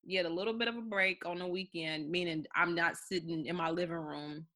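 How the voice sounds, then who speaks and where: A woman's bright, forceful voice carries this relaxed podcast chat. She talks in an animated way, swears freely and puts on quick voices for the people in her stories. She sounds middle-aged. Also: on the low side. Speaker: podcast co-host. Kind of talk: casual chat.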